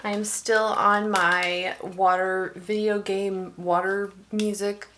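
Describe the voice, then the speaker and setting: A woman's voice: medium pitch, little pitch movement, slow pace, fairly bright tone, a little hiss or hum. Chatty woman writing vlogger. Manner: chatty, rambling, with fillers and laughs. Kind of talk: casual vlog chat. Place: at home, indoors. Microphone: headphones on, desk setup.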